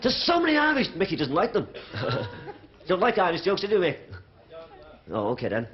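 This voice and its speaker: Cheeky Liverpool stand-up comic. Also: male voice, high-pitched, wildly swooping pitch, brisk. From Liverpool, England. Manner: cheeky, chatty, bantering with the audience. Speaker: stand-up comedian. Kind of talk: stand-up comedy routine. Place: theatre stage before a live audience. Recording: dull 1970s TV broadcast audio, loud audience laughter.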